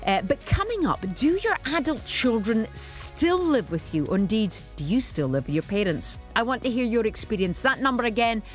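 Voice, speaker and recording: A woman's voice: on the high side, big pitch swings, normal speed, hardly any pauses, soft background music. A woman with a Yorkshire accent presenting a morning radio phone-in, chatty and reading out listener texts. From England. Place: radio studio. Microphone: studio microphone.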